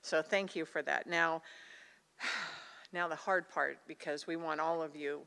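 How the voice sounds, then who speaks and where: A woman's voice: low-pitched, steady tone, measured pace, vocal fry, sharp tone. Emotional older woman speaking in a hall. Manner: emotional, tearful, earnest. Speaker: Secretary of State, competition judge. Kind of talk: speech to students at an awards ceremony. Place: college auditorium. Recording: hall reverb.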